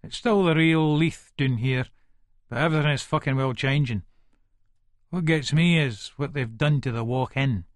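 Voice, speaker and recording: A man's voice: mid-range voice, moderate pace, dry recording, clean studio sound, natural voice. A man voicing a menacing Edinburgh hard man. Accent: Edinburgh Scots. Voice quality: coarse, swearing, menacing. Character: volatile hard-drinking Leith man in middle age. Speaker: first-person narrator. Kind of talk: full-cast audiobook narration.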